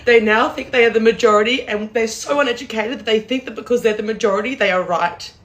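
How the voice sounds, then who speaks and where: A woman's voice: a little high, quick pace, fairly bright tone. A woman from Australia with an Australian accent, speaking earnestly and indignantly to camera. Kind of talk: angry monologue to camera.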